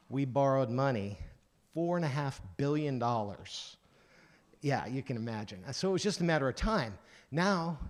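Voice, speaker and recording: A man in his sixties giving a conference keynote, telling career stories and acting out the voices of the people in them. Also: mid-range voice. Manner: anecdotal, lively storyteller acting out dialogue. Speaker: keynote speaker.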